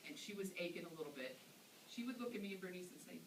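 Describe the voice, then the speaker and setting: A woman's voice: fairly low pitch, animated, fast talker. A woman delivering a funeral eulogy, telling stories in a conversational way. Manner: anecdotal storytelling, conversational. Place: funeral service hall. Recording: echoey room, far from mic, noisy.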